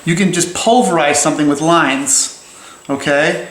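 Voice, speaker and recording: Man, a bit high-pitched, teaching drawing in a loose, jokey way; echoey room. Good for a friendly tutorial read. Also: measured pace, a bit bright, a little hiss or hum. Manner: playful, chatty, jokey asides. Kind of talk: casual drawing lesson while sketching.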